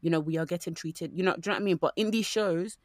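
A woman co-hosting a podcast in casual chat, talking in an animated way and mimicking the people she quotes. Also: on the low side, rapid-fire, no echo, studio quality.

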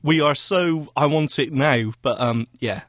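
A man's voice: fairly high pitch, measured pace, a bit bright, no room sound. Joking male radio co-host, dry studio. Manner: jokey, teasing banter with frequent laughs. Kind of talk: casual tech radio chat.

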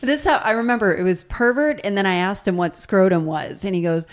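A woman hosting a podcast, telling stories in lively casual chat and acting out quotes. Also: medium pitch, brisk. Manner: lively storyteller, acts out quotes. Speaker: podcast host.

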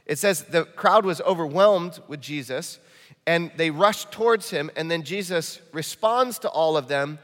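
A male pastor from Michigan with a Midwestern accent, preaching a lively, joking sermon in a church. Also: on the high side, a little slow. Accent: Midwestern American. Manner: animated, jokey storytelling preacher. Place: church auditorium. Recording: reverberant church hall.

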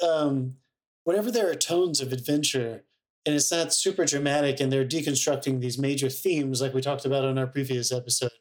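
A laid-back man co-hosting a movie podcast, musing aloud in casual talk. His voice is pitched a bit high, and he keeps calling others dude. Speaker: podcast co-host. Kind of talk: casual movie review chat.

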